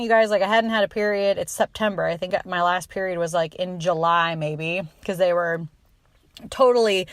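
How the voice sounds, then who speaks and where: A woman in her thirties talks through a personal story on her podcast, loose and conversational, with lots of filler words and casual swearing. She acts out what she said at the time with lively shifts in her delivery. Her voice sits at a middle pitch, and the recording is dry and close, with no room sound. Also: dry recording. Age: 30s. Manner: chatty, frequent "like" fillers, swearing; animated, acts out her own quoted lines. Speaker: podcast host.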